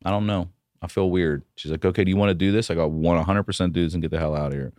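A man, a comedian guest on a podcast, telling a story in a casual, profane and animated way. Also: low voice, racing, dry recording.

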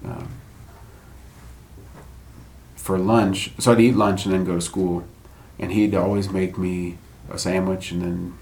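Low-voiced middle-aged man, casual and profane. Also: level tone, unhurried, creaky, pauses often, a little mellow, a little hiss or hum. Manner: rambling, swears freely, laughs between thoughts. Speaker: guest sharing a grief story. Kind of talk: casual podcast chat.

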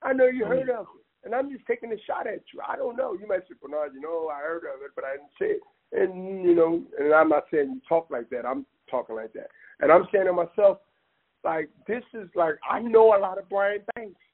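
A man's voice: high voice, animated, a little fast, creaky. A man talking with passion, rambling and emphatic, often calling the listener "man". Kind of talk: impassioned casual talk. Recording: tinny phone-line audio.

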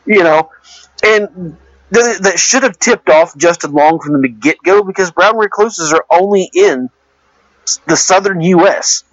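A man with a somewhat high voice talks through a film in casual chat. He hesitates and restarts his sentences constantly. The recording is dry and dull, with a muffled lo-fi sound. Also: unhurried, fairly bright tone, no room sound. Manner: rambling, hesitant, many restarts. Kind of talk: casual movie discussion.

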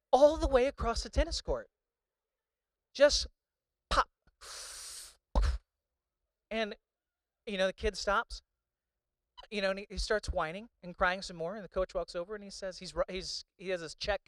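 A man's voice: sits high, a bit bright, no echo. A man preaching a sermon in a conversational, storytelling way, with many restarts. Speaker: pastor.

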